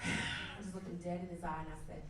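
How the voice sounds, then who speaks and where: A woman's voice: fairly low pitch, flat delivery, quick pace, a bit bright. A young woman doing a crude, brash stand-up comedy set on a club stage, often laughing through her lines. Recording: echoey club from far off, crowd. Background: audience laughter.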